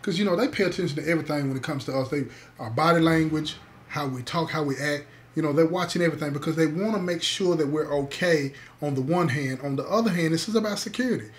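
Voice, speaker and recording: A man with a fairly high voice tells a story to listeners at a quick pace. He's emphatic, repeating key words and addressing his audience as "y'all."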